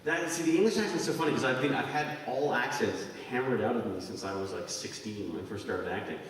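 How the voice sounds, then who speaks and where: A man's voice: medium pitch, quick pace. A man in his thirties from Canada, a convention guest answering fan questions on stage in a rambling, jokey way, laughing often. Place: large convention hall. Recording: echoey hall recorded from far off with noise.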